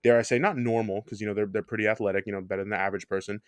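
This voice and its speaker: A man's voice: on the low side, steady tone, very fast, smooth, dry recording. A young man co-hosting a sports podcast, rambling and joking with lots of ums. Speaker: podcast co-host. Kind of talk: casual sports podcast chat.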